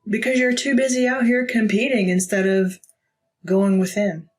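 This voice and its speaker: A woman's voice: medium pitch, normal speed, poor audio. A woman giving a casual tarot reading, blunt and profane, laughing often. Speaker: tarot reader.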